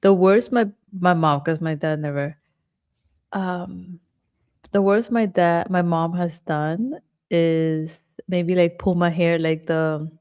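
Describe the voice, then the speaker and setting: Woman, 30s, podcast co-host, lowish voice, chatty, candid. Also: steady tone, slow, clean tone, highs cut off. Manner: chatty, candid, many fillers. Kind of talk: casual chat.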